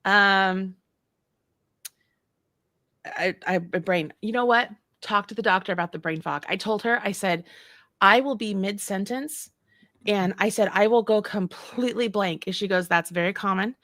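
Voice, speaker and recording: Bright-voiced chatty woman host. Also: medium pitch, moderate pace, no echo, studio quality. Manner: chatty, laughs often. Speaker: podcast host. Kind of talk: casual chat.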